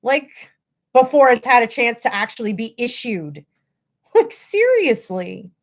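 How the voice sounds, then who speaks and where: A woman's voice: a little high, sing-song, a little slow, muffled recording. A woman hosting a livestream, ranting at her viewers in a frustrated, profane way. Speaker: livestream host.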